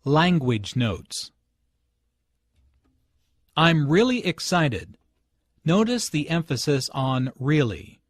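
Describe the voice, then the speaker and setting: A man of middling pitch explains pronunciation points slowly and deliberately. His intonation is lively, and he leans on stressed words, recorded dry and close in a studio. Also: no room sound. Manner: slow, deliberate, clearly enunciated. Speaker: lesson narrator and dialogue reader. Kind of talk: scripted language-lesson narration.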